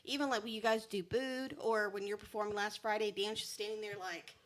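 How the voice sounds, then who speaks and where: A woman's voice: medium pitch, fairly even intonation, fairly quick, fairly bright tone. Woman, podcast guest; earnest, thoughtful, mid-range voice. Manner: earnest, searching for words. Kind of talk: casual live podcast chat.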